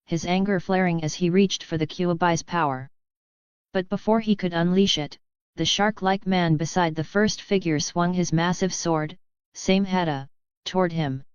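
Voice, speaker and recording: A woman narrating an audiobook in a steady, even reading manner. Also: fairly low pitch, clean tone, no room sound, highs cut off.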